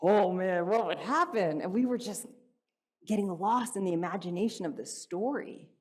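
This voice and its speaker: A woman's voice: mid-range voice, normal speed. A woman giving an inspirational talk at a church gathering, telling a personal story in a conversational way and often asking the audience questions. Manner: animated and playful, acts out a dialogue with her child. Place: stage in a church hall before an audience.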